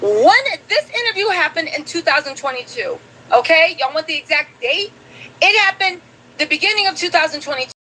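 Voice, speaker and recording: High-voiced woman streamer ranting. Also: sing-song, fairly quick, bright, forceful tone, poor audio. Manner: emphatic, scolding the audience. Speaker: commentary show host. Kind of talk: live-stream commentary.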